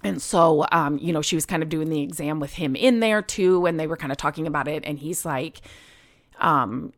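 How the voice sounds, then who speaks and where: A woman's voice: sits low, fairly quick. A woman hosting a podcast, telling a personal story in a rambling, emotional way with many fillers. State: choked up at times. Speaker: podcast host.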